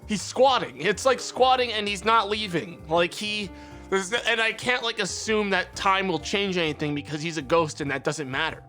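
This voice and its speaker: Brief: male streamer, high and bright voice, profane, heated rants at chat. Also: normal speed, faint music behind. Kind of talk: casual livestream chat.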